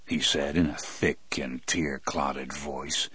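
A man narrating a first-person audiobook in a measured, grave, unhurried manner. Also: extremely low pitch, fairly even intonation, fairly bright tone, breathy edge, dry recording.

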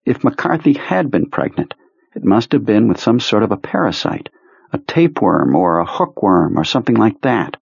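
A man narrating an audiobook in a measured, low-key storytelling manner. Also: sing-song, vocal fry, a little mellow, breathy edge, no room sound. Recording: dry, slightly muffled recording.

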